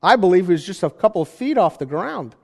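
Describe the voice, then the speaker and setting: A man preaching a sermon in a conversational style, with jokey asides and animated emphasis. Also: sits high, quick pace, vocal fry, long reverb tail. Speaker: pastor.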